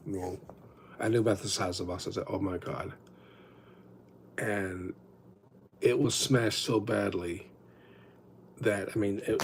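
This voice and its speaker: Over slight background noise, a man with a lowish voice hosts a casual livestream chat. His storytelling rambles, full of self-interruptions and restarts.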